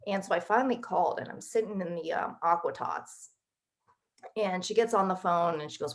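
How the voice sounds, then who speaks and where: A woman's voice: lowish voice, fairly quick. A woman in her thirties, a guest author in an interview, telling a personal story in a chatty, emotional way with many fillers.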